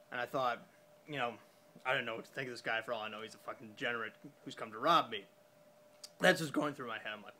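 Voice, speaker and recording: A young man tells a story into his phone after a few beers, his voice pitched in an ordinary middle register. He rambles and halts, and fills the gaps with fillers and curses. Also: fast talker, sharp tone, slight background noise. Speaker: vlogger. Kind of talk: casual storytelling.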